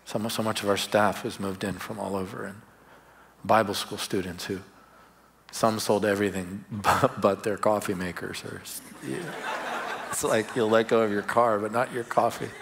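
Man preaching in a relaxed storytelling tone. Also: on the low side, moderate pace, gravelly, a little hiss or hum. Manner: conversational, warm storytelling with laughs. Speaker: pastor. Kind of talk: sermon storytelling. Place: church service.

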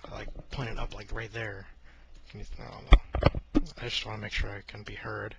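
A man's voice: on the low side, monotone, normal speed, gravelly, heavy background noise. A man sitting at his computer desk, rambling in a joking, self-deprecating way into a mic held close to his face. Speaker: video blogger. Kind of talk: casual rambling vlog. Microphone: close-up mic he keeps bumping.

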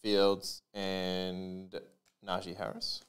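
A man's voice: low-pitched, monotone, drawn-out words, clean tone. A man hosting a live trading card break, calling out player names and serial numbers with chatty asides to his viewers.

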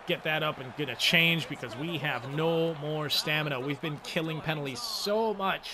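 A young man giving live commentary over his own hockey video game, swinging between loud frustrated outbursts and quiet muttering, swearing often. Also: on the high side, moderate pace, crowd noise. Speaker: gaming channel host.

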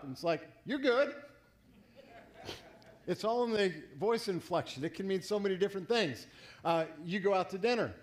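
A man from South Florida preaching a sermon to his congregation, telling folksy stories with humor and playful inflections. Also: high-pitched. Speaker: pastor. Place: church sanctuary.

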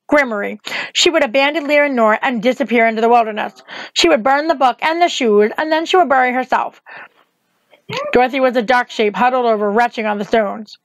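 A woman reads a novel aloud in a measured, steady way. Her voice sits a little high. The recording is close and dry, with no room sound. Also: no echo, low-quality recording. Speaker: reader.

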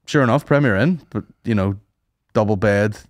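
A man's voice: on the low side, normal speed. A man co-hosting a podcast, telling rambling, sweary anecdotes in casual chat and acting out what people said. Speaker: podcast co-host.

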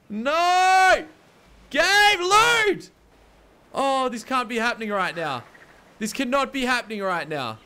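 A man's voice: very high-pitched, sharp tone, smooth. A young man commentating his survival game, panicked and exasperated, repeating himself. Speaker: gaming YouTuber. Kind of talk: let's play commentary.

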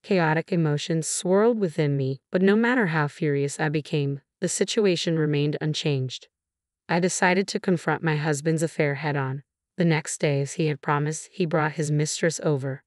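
A woman narrating a first-person drama story in an even, steady reading voice. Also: sits low, normal speed, no room sound, studio quality.

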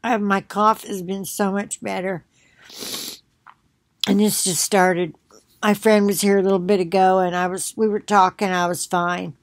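A middle-aged woman muses slowly at home, drawing out her words in an unhurried, deliberate way. Her voice is dry and close, with no room sound around it. She keeps stopping to cough and clear her throat. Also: medium pitch, flat delivery, dry recording. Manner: slow, musing, thinking aloud. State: coughing, choking up. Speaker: video blogger. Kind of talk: casual commentary with scripture reading.

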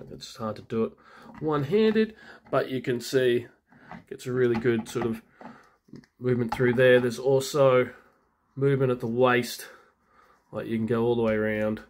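Casual male toy reviewer, average pitch, loose and rambling, phone-recorded. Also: moderate pace, long pauses, darkish tone, a little hiss or hum. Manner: loose and chatty, many fillers and restarts, keen fan. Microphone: phone camera.

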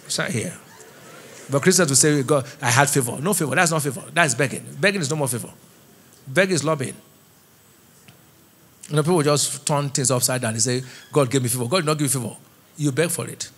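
In a church auditorium, a middle-aged Nigerian pastor preaches a sermon, inviting the congregation to fill in his words in call-and-response. His medium-pitched voice is brisk, a bit bright, and husky, broken by long pauses.

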